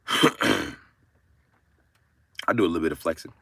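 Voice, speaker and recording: Man, deep voice, bright edge, dry close sound, brash profane livestream chat. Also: huge pitch swings, a little slow, vocal fry, dry recording. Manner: brash, profane, roasting chat, bursts into screaming. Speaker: livestream host.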